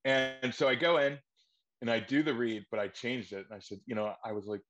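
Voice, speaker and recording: A man's voice: medium pitch, fairly quick, muffled recording. A man, an actor being interviewed, telling anecdotes casually, laughing often and acting out the dialogue. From Wisconsin, USA. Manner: lively, laughs often, acts out quoted dialogue.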